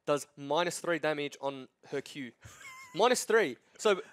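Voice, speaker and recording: A man's voice: fairly high pitch, lively intonation, measured pace. A man analysing an esports match in long run-on explanations, with playful asides. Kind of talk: casual analysis chat.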